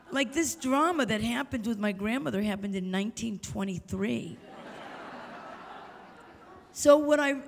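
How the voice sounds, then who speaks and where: Older woman storytelling in a reverberant hall. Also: medium pitch. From United States. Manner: animated storyteller acting out quoted voices. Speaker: lecturer. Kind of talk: storytelling lecture.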